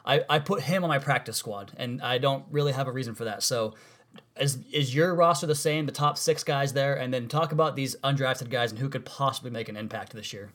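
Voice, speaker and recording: A man's voice: mid-range voice, a little fast, fairly bright tone. A man with a mid-range voice hosts a casual sports podcast. He asks long, winding questions and makes easygoing, self-deprecating asides as he steers the talk. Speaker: podcast host.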